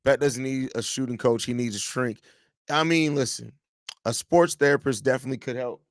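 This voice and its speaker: Man, live show host, mid-pitched, animated and teasing, dry close mic. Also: a little fast, dry recording. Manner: animated, teasing, talks straight to viewers. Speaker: podcast host. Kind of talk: live show reading and answering chat.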